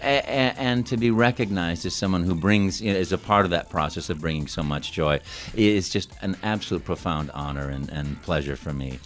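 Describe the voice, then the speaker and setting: A man's voice: low voice, a little fast, few pauses. A man, a voice actor being interviewed as a guest, talking in an earnest, enthusiastic way and stammering as he starts. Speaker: video game voice actor, guest. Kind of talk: casual interview chat.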